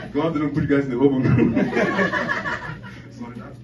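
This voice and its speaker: A man on a comedy club stage, talking loose and profane and laughing at his own punchlines. His voice sits a little high for a man, and it comes from a distant mic that picks up the room's echo. Loud noise runs under the whole set. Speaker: stand-up comedian.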